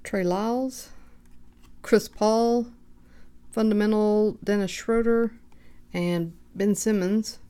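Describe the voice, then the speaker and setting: A woman hosting a card break, calmly reading out player names and getting excited at good pulls. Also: medium pitch, a little hiss or hum. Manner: unhurried, reads names aloud, bursts of excitement. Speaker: card shop host opening packs. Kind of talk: casual card-breaking commentary.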